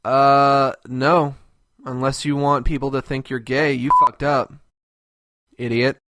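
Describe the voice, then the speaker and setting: A man's voice: medium pitch, level tone, slow pace, sharp tone, no room sound. A man voicing a crude, abrasive cartoon host who answers fan mail with contempt and constant swearing. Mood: contemptuous. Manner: foul-mouthed, contemptuous, ranting. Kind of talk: animated web comedy sketch.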